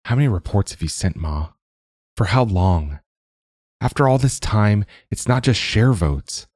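A man voicing a frightened adult daughter who pleads with her mother, raising his voice higher for her. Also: expressive, a little slow, a little mellow, no room sound, studio quality. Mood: pressing. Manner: pleading, fearful.

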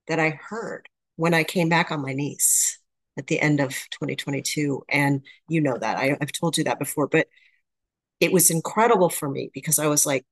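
A woman's voice: low voice, steady tone, normal speed, no room sound. A woman sharing at a support meeting over a video call, effusive and supportive toward another member. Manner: warm-hearted, effusive.

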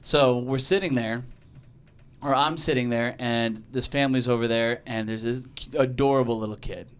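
A man's voice: medium pitch, fairly even intonation, normal speed, clean tone. A man telling a story on a podcast in casual, profane talk, acting out the voices of the people in it. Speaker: podcast guest.

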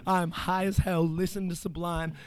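Man, podcast host, profane storyteller, slightly high pitch, dry close recording. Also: flat delivery, moderate pace, clear, resonant tone, no echo. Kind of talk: casual storytelling chat.

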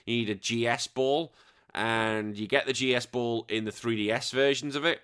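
A middle-aged English man hosting a podcast, reading out listener messages in casual chat and bursting into loud sworn exclamations. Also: mid-range voice, normal speed, smooth. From England. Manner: animated, swears freely, bursts into loud exclamations. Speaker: podcast host.

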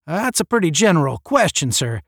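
A man reading the part of a confident, smooth-talking young space cadet. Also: a little high, very animated, brisk, a bit bright, dry recording, studio quality, pitched above the performer's own voice, exaggerated voice. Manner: smooth, self-assured.

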